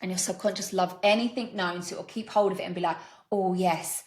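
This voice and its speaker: Podcast guest: woman mindset coach, rapid delivery, animated storytelling, roomy echo. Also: fairly low pitch. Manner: animated, acts out little dialogues in quoted voices. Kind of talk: casual podcast conversation.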